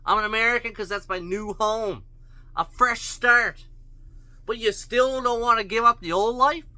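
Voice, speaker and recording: A man's voice: high-pitched, normal speed, bright, forceful tone, no echo. A man, ranting angrily and bluntly, with plenty of swearing, in a solo video. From Canada. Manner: angry, blunt, profane ranting. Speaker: vlogger. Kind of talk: solo rant to camera.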